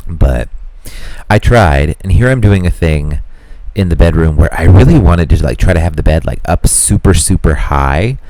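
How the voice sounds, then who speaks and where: A man's voice: sits low, expressive, normal speed, warm tone, no echo. A man narrating a video voiceover in a casual, rambling way, with lots of fillers as he talks through what he did. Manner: rambling, chatty, many "like" fillers. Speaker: Sims house builder narrating a build.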